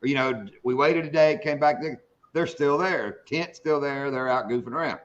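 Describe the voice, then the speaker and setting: This man hosts a fishing live stream and drawls out salty hunting stories in casual chat. He speaks at a moderate pace with a medium-pitched voice, and the stream audio sounds dull and lo-fi.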